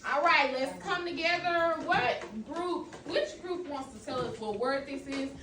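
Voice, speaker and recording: A woman's voice: high voice, measured pace. A woman teaching children a phonics lesson in a classroom. She is encouraging, calls on students by name and repeats their answers back to them. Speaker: elementary school teacher. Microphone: far from the mic. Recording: echoey, distant and noisy classroom recording.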